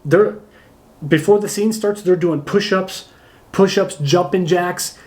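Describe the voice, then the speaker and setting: A man coaches actors in a casual talk to camera, speaking with energy and emphasis. He punctuates his points with physical demonstrations. His voice sits a little high for a man. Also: slow pace, a little mellow. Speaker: acting coach.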